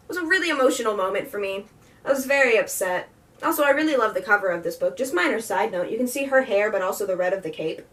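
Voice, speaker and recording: Young woman book vlogger, rambling and effusive, bright tone, slightly distant pickup. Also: mid-range voice, expressive, fast. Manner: rambling and gushing, many "like" fillers. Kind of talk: casual book review chat.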